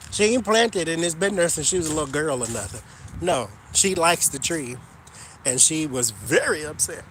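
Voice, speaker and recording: Animated man telling a gossipy story. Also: fairly high pitch, slight background noise. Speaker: vlogger. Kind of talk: casual storytelling to camera.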